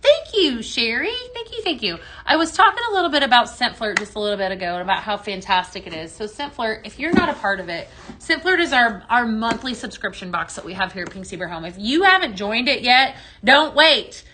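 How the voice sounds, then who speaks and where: A woman's voice: on the high side, sing-song, fairly quick, hardly any pauses, background noise. A woman hosting a casual live-stream product show, chatting and answering viewer comments with many fillers. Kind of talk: casual live-selling chat.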